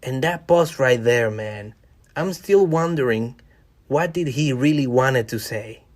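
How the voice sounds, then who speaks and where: A man's voice: medium pitch, lively intonation, measured pace. Wry, chatty male podcast host. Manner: conversational, wry, addresses listeners directly. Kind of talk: casual solo podcast monologue.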